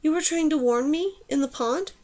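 A woman doing a kind and curious young girl, speaking gently and asking questions, her voice light and fairly high. A storybook heroine who is brave but soft-spoken. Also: normal speed, lightly acted. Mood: gentle.

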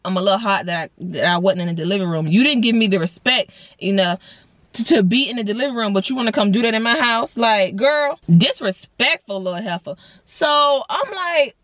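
Young woman in her twenties, casual storytime vlogger, lively voice jumps, dry close sound. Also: medium pitch, a little fast, no echo. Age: 20s. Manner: animated storytelling with big voice jumps for quoted lines; casual slangy talk, addresses viewers as y'all. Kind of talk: storytime vlog.

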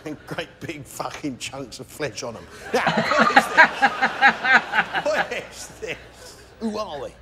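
Bombastic male stand-up comic, lively pitch. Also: unhurried. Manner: bombastic, shouting, lively crowd work. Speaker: stand-up comedian. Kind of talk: stand-up comedy routine. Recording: noisy recording with loud audience.

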